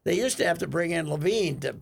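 A man's voice: a little high, expressive, fast talker, creaky, breathy edge. A man co-hosting casual sports radio chat, rambling with restarts and frequent laughs.

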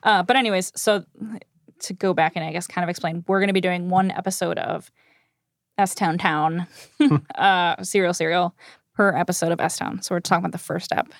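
A woman co-hosting a podcast in casual chat, wry and quick to laugh. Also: lowish voice, steady tone, gravelly, no room sound, clean studio sound. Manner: chatty and wry, laughs often. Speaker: podcast co-host. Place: shared recording room.

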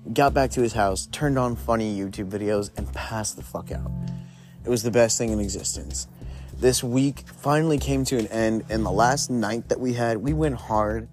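A man's voice: on the low side, a little mellow. A young man telling a story in a loose, rambling way, swearing constantly and filling with "like". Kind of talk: casual profane storytelling.

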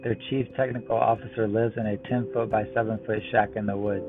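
A man reading a run of one-liner jokes in a deadpan way. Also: lowish voice, fairly quick. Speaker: joke teller. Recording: tinny phone-like line with music behind. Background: music.

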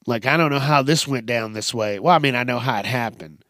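A man's voice: mid-range voice, a little fast, hardly any pauses, fairly bright tone, dry recording, clean studio sound. A male host giving comedic news commentary, profane and mocking, laughing often.

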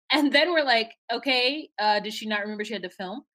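A woman co-hosting a casual podcast, recapping a reality show in an animated way, laughing and acting out quotes. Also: fairly high pitch, fairly quick. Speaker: podcast co-host.

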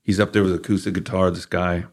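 Gravelly low-voiced man telling his story. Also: fast. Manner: candid, animated in quoted asides. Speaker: guest, rock guitarist. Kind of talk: casual storytelling. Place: studio.

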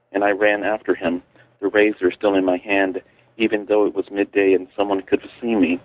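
Man from Chicago, author reading memoir, calm measured delivery, deep voice, tinny phone line.

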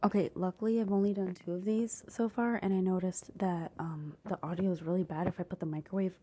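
A woman's voice: on the low side, fairly even intonation, fairly quick, mellow, faint music behind. A woman vlogger chatting casually and laughing at herself while guessing songs, on a small mini microphone. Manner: giggly, self-mocking. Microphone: small clip-on mini microphone.

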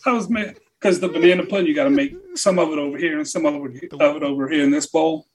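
A man in casual chat, telling a story in a relaxed, laid-back way. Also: fairly high pitch, quick pace, far from the mic.

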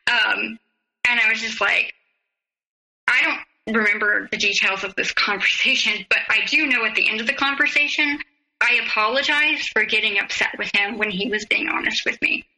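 A woman guest telling her own story in an interview, close to tears, halting and full of fillers. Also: fairly high pitch, pushed and bright, low-quality recording. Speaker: podcast guest.

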